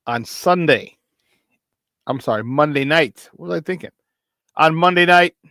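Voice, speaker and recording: A man of middle pitch hosts a casual sports talk show, excitable and prone to saying things twice. He rattles off stats in quick lists and sounds dry and close, with no room around him. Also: no room sound. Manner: excitable, repeats phrases for emphasis; reads stat lines off in quick lists. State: doing burpees while talking.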